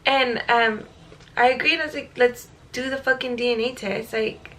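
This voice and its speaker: Chatty young woman with gravelly fry. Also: fairly high pitch, fairly even intonation, normal speed, pushed and bright. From California. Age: young adult. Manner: chatty, many likes and ums, swears casually. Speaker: vlogger telling her life story. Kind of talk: casual storytime vlog.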